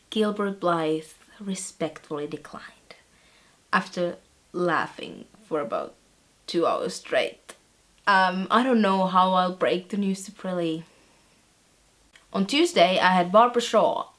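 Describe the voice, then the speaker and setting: A woman's voice: mid-range voice, fairly bright tone. Anne Shirley, a young woman playing a wry teen vlogger. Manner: wry, chatty storytelling with fillers. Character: chatty teenage girl tutor, wry and bemused. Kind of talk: scripted vlog-style monologue.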